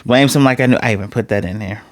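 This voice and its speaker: A man's voice: on the low side, fast, dry recording, studio quality. A man casually recapping and reviewing an anime episode, rambling, correcting himself as he goes, blunt and sometimes profane.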